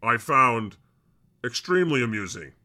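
A man's voice: medium pitch, big pitch swings, moderate pace, bright, forceful tone. A man playing God as a cranky, sarcastic host of a comedy podcast who swears often. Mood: irritable, sarcastic. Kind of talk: improvised comedy podcast chat.

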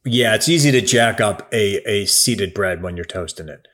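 A man's voice: lowish voice, normal speed, a bit bright. A man talking in a casual, emphatic chat, swearing now and then.

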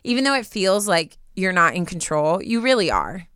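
A woman's voice: on the low side, very animated, moderate pace, a bit bright, clean tone, no echo, clean studio sound. A young woman co-hosting a podcast, giving casual advice in a chatty way with many fillers. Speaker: podcast co-host.

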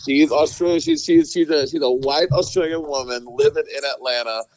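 A man chatting casually as a guest. He uses playful, profane slang and jumps into high-pitched exclamations. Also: big pitch swings, brisk, gravelly, a little mellow, poor audio. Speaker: podcast host appearing as a guest. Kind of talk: casual chat.

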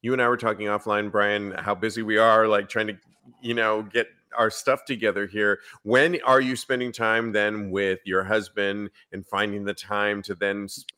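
A man's voice: fairly low pitch, flat delivery, moderate pace, sharp tone, clean tone. A man hosting a podcast, talking with enthusiasm in a casual conversation. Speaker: podcast host.

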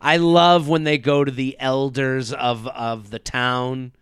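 Male podcast co-host, casual and animated, bright clear tone, dry close mic. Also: medium pitch, slow, no room sound. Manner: animated, acts out quotes in funny voices. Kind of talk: casual recap chat.

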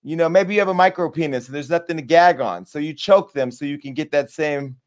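Brash high-voiced man ranting comically. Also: brisk. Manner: brash, animated, swings between loud outbursts and low mutters. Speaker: comedy commentary host. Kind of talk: crude comedic rant.

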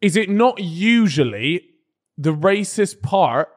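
A man's voice: high voice, sing-song. A man co-hosting a podcast, chatting casually and teasing his co-hosts. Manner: teasing, quick to joke. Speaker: podcast co-host. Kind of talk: casual chat.

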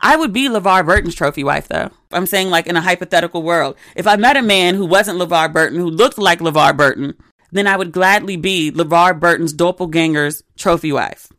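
A woman's voice: fairly low pitch, fairly quick, a bit bright, no room sound. Woman in her thirties, casual podcast host, candid and chatty, dry close recording. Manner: chatty, candid storytelling with asides. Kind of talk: casual chat.

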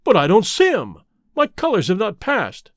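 A man reading aloud as a proud, excitable colonel with a brusque manner. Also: high-pitched, moderate pace, no room sound, studio quality. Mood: agitated. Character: proud, agitated older male colonel, horse owner.

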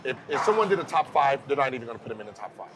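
Animated man telling stories, noisy recording. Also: medium pitch, rapid-fire. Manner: animated storyteller who acts out quoted voices. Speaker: podcast host. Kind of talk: casual podcast chat.

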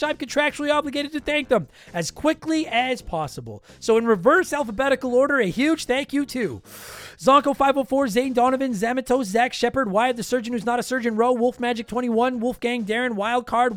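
A podcast host with an extremely high, slightly bright voice and no echo jokes casually and rattles off a long list of patron names. His voice sounds tired and worn, and his humor is self-deprecating as he reads the list rapidly.

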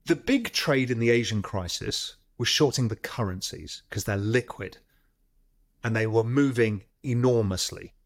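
A man, a guest in an interview, telling a long anecdote in a lively way, often restarting his sentences. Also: on the low side, measured pace. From United Kingdom. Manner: lively, acts out phone calls, frequent restarts. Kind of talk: storytelling in a long-form interview.

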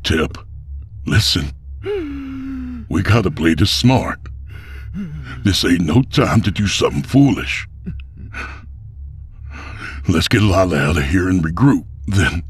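A man playing an urgent frontier gunman who pleads and shouts in folksy speech. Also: low-pitched, animated, slow pace, long pauses, slightly rough, pitched above the performer's own voice, heavily acted. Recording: gunfire sound effects behind.

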